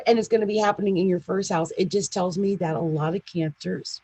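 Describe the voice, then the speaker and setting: Husky, chatty woman astrologer. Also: lowish voice, fairly quick, darkish tone, rough recording. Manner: chatty, emphatic, exclamatory asides. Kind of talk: casual monthly horoscope talk.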